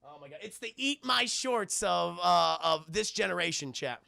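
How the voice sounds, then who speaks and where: A man in his thirties doing a live spoiler film review, talking to his viewers in an animated, profane way. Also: high-pitched, moderate pace, gravelly, no room sound, studio quality. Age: 30s. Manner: animated, profane, laughs while retelling.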